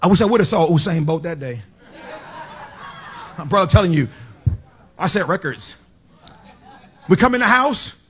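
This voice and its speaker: A middle-aged man preaches from the pulpit. His voice sits high for a man and sounds husky. He swings from loud, shouted praise down to quiet, hushed storytelling. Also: expressive, unhurried, pauses often. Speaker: pastor. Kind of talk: sermon. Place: church sanctuary.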